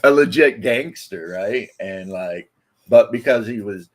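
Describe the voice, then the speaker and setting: On his casual podcast, the host rambles, laughs often, and leans on loose fillers. His voice is on the low side, expressive and unhurried.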